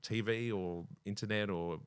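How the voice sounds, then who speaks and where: A man, a guest impressionist in a casual conversation, easygoing and quick to agree. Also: on the low side, fairly even intonation, clean tone.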